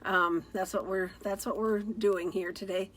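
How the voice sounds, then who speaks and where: A woman's voice: medium pitch, steady tone, unhurried. A middle-aged woman demonstrating card-making on a casual live stream, chatty and upbeat, greeting viewers by name as she talks into her phone.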